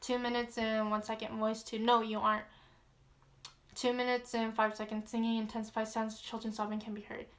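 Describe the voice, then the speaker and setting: A woman's voice: a little high, monotone, fast talker, few pauses. A woman casually reading a horror log aloud as a vlogger, chatty, easily spooked, with many fillers.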